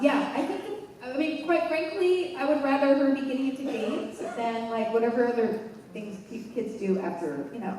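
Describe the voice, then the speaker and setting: A woman chatting casually as a convention panel guest, rambling and self-deprecating. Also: a little high. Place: large convention hall. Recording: echoey hall from far off.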